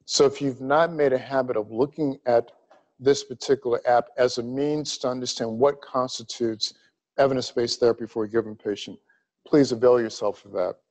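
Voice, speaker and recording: Middle-aged man, from Louisiana, grand rounds lecture, emphatic, measured delivery, mid-pitched voice. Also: steady tone, darkish tone, poor audio. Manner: emphatic, measured, deliberate pacing. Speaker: cardiology lecturer.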